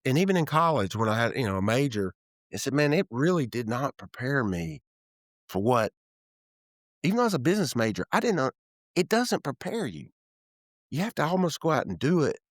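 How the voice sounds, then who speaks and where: A man's voice: mid-range voice, brisk, no echo, clean studio sound. A man in his fifties from Tennessee, a guest in an interview, telling candid stories and acting out the people he quotes, often trailing off and restarting. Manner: animated storyteller who acts out quoted dialogue, trails off and restarts. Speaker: guest, real estate developer. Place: office room.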